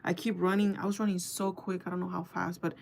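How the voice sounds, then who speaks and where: A woman's voice: on the low side, fast talker, creaky, a little hiss or hum. A young woman hosting a casual livestream, greeting her chat and telling a long story with lots of fillers. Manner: rambling, animated storytelling with many fillers. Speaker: livestream host.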